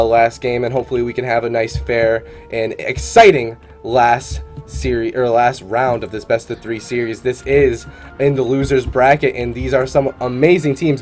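An upbeat male caster chats between rounds of an online tournament, mid-pitched and easygoing. He keeps things rolling with casual fillers and friendly shout-outs, with faint music underneath. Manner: upbeat, chatty, fillers like "uh" and "man". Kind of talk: live esports commentary.

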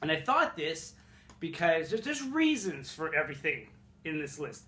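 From a room in his Montreal apartment, a young male vlogger swears and rambles through comic stories of his childhood, often at his own expense. His slightly high voice swings widely in pitch at a moderate pace, pushed and bright, in a roomy-sounding space.

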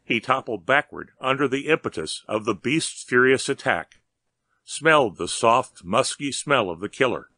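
Man reading a story aloud, steady and measured, mid pitch, dry close sound. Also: no room sound. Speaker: narrator. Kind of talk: audiobook reading.

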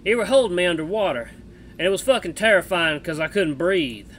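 A man voicing a gruff, foul-mouthed male bat-man with a put-on cowboy drawl, reading a visual novel aloud in a loud, blunt way. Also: sits high, lively intonation, brisk, slight background noise, voice pushed up.

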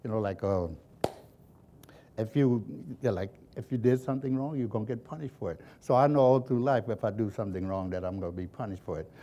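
An older man reminisces in an interview, spinning folksy stories from his childhood. He chuckles often and keeps the telling lively. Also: on the low side, fairly quick, muffled recording, a little hiss or hum. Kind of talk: storytelling reminiscence.

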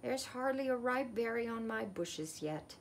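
A woman's voice: on the high side, animated, a little slow, slight background noise, pitched above the performer's own voice. A woman voicing a grumbling, fussy old man who lives in a currant bush, in a storybook reading.

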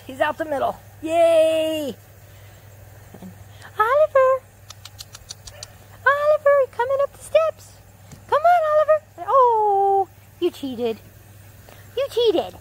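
A woman outdoors talking to puppies in a high, sing-song baby-talk voice. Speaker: dog owner filming puppies. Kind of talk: casual chat to puppies. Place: outdoors in a yard.

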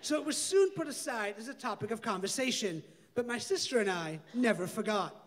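A man with a very high voice reads his comic memoir aloud. His delivery is dry and deadpan. He lets the story carry the jokes. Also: a little fast. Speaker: author reading his memoir.

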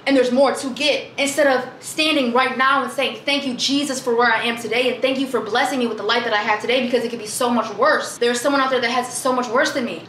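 A woman's voice: on the high side, fairly bright tone. A young woman vlogging in a chatty, exclaiming way, talking to her viewers as y'all. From Michigan, USA. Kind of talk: casual chat vlog. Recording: echoey room with faint background noise.

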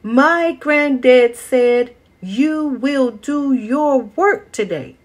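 A woman's voice: fairly low pitch, big pitch swings, a little slow, husky, heavily acted. A woman voicing a reluctant young farm boy in a storybook. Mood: boyish.

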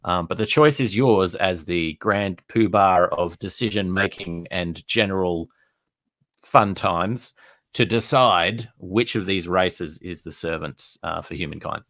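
A man's voice: deep voice, measured pace, fairly bright tone, dry recording. A man with an Australian accent hosting a podcast interview, asking playful quiz-style questions. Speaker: podcast host.

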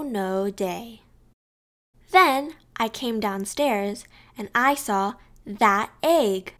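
A woman reading a children's picture book aloud, slow and expressive, telling it in a child's first-person voice. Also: on the high side. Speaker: storyteller. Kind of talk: children's storybook read-aloud.

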